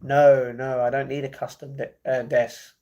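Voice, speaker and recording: A man's voice: medium pitch, little pitch movement, moderate pace, darkish tone, highs cut off. A man from the UK, hosting a casual livestream and reading viewer comments aloud before answering them, often apologetically, into earbud microphones. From United Kingdom. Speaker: livestream host. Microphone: wireless earbuds.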